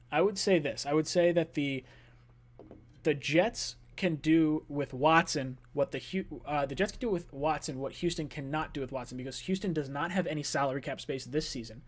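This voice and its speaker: A man hosting a sports fan call-in show, talking loosely and chattily with lots of filler words. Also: on the high side. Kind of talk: casual sports talk.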